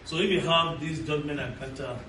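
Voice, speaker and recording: A man giving a formal, measured statement as a police spokesman. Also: fairly high pitch, fairly even intonation. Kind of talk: official statement to press. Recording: roomy distant news clip, noisy.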